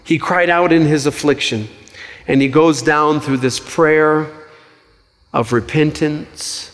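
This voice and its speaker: A male pastor preaching a sermon in a conversational, animated way, with quick asides and stories. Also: a little high. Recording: reverberant hall.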